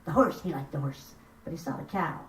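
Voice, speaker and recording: Lively woman storyteller, roomy and distant. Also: low voice, fairly quick. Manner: expressive, lively, chats with the audience. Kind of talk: live storytelling performance. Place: room at a house concert. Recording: roomy sound from far off.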